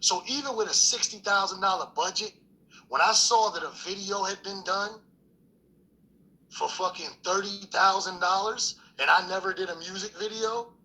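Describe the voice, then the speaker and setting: A middle-aged man appears as a guest storyteller, his voice high-pitched, bright and forceful at a moderate pace, on a rough recording. He tells his story casually in a laid-back, profane street style packed with fillers.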